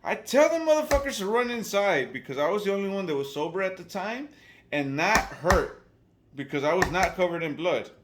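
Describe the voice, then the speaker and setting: A man casually telling a wild story, profane and animated, acting out the people he quotes. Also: high-pitched, a little fast, noisy background.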